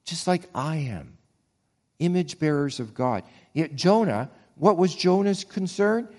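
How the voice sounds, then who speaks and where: A man delivers a sermon in an earnest, steady voice. He asks the listeners pointed rhetorical questions and often restarts his words mid-phrase. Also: fairly high pitch, big-room sound. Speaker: pastor.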